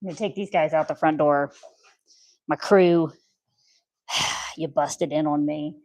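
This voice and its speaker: A woman in her home art studio, chatting casually and cooing at her excited dogs in a sing-song voice. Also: low-pitched, unhurried, no echo. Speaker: painter recording in her studio.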